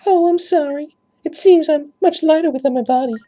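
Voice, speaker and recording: A man voicing a gentle ghost princess, a young woman, in a very high airy falsetto, speaking earnestly and pleadingly. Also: fairly quick.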